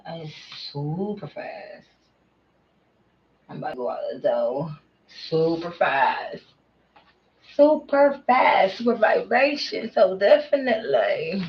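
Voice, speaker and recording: A woman talking casually in an excited vlog, exclaiming and trailing off into murmurs. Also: mid-range voice, vocal fry, muffled recording. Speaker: vlogger.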